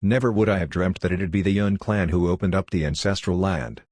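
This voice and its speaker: A man narrator voicing an ancient phantom guardian who speaks calmly and solemnly. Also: low voice, brisk, no echo, studio quality. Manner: calm, solemn. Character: ancient calm phantom guardian, male, sorrowful.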